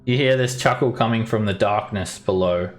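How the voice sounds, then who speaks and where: A man's voice: on the low side, normal speed. A man narrating as game master, talking casually and filling his lines with "like" and "uh". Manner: chatty, full of "like" and "uh".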